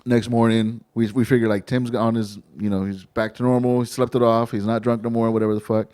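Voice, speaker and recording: A man co-hosting a comedy podcast, telling a road story in a loose, profane, animated way and acting out the people in it. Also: medium pitch, fairly quick, clean tone.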